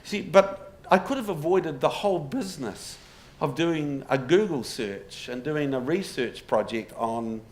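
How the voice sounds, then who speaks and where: With a voice on the high side and lively intonation, a man speaks a little slowly but with hardly any pauses. He's giving a public talk in a pub, telling wryly humorous stories and asking rhetorical questions, as the audience laughs over faint background noise.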